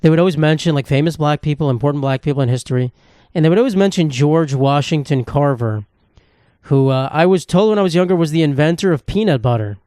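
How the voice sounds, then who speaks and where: A man's voice: on the high side, quick pace, darkish tone, no room sound, clean studio sound. A man hosting a solo comedy podcast, rambling in a casual, sarcastic and profane way. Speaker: podcast host.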